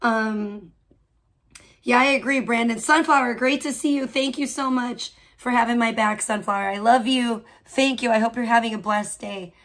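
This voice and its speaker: A woman's voice: a little high, normal speed, a bit bright. A woman hosting a live stream, chatting, laughing and greeting viewers as she comments on clips. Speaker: livestream host.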